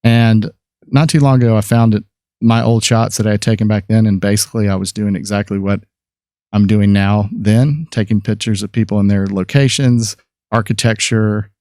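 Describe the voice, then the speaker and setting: A gravelly, fairly low-voiced man in his fifties, sitting as a podcast guest and spinning long anecdotes about his work. He rambles, restarts and fills pauses as he goes. The sound is dry and close. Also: fairly even intonation, a little mellow, no room sound. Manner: rambling anecdotal storyteller, many fillers and restarts. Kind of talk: casual storytelling chat.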